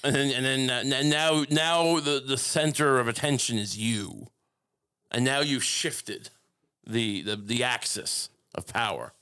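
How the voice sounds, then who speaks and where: A man co-hosting a comedy podcast, talking in deadpan, rambling bits full of restarts. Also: medium pitch, measured pace, clear, resonant tone. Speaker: podcast co-host. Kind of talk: casual comedic podcast banter.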